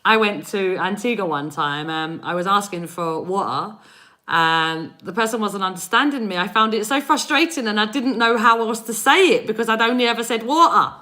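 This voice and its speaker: A woman's voice: mid-range voice, normal speed, pushed and bright. A woman in her forties from England with an English accent, chatting with viewers on a live stream and laughing often. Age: 40s. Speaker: energy reader doing live readings.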